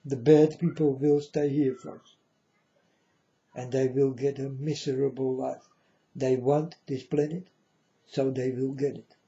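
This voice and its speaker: Slow mournful man, dark and muffled. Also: mid-range voice, little pitch movement. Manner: slow, mournful, repeatedly addresses listeners as folks. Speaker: self-styled prophet. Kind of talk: prophetic warning monologue. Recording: dull lo-fi audio.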